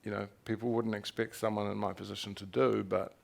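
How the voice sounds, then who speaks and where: Gravelly low-voiced man telling his story. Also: fairly quick. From New Zealand. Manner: frank, animated storytelling with laughs and swearing. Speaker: author at a festival talk. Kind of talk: candid live conversation on stage.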